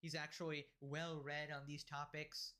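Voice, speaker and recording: A man's voice: on the high side, level tone, moderate pace, pushed and bright. A man co-hosting a stream, giving sarcastic, mocking commentary in casual chat. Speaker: stream co-host reacting to clips.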